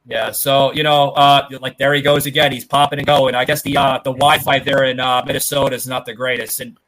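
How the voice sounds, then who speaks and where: A man hosting a podcast, talking loosely and rambling, full of "uh" and "you know". His voice is bright and forward, with a middle pitch. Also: little pitch movement, fairly quick, poor audio. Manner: rambling, heavy with fillers and swearing. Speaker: podcast host. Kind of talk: casual podcast chat.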